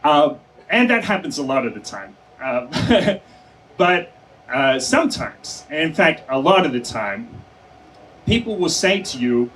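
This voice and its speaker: A man's voice: a little high, very animated, measured pace, a bit bright, far from the mic, slight background noise, poor audio. A man giving a conversational speech at a conference, telling a personal story with frequent fillers and self-corrections. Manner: conversational, many fillers and self-corrections, laughs between phrases. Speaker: conference speaker. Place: conference hall.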